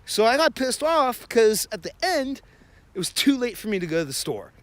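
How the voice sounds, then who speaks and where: Guy on a stream going off, swearing nonstop, high voice that jumps all over. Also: big pitch swings, normal speed, dry recording. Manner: profane, heated, rambling. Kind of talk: ranting casual storytelling.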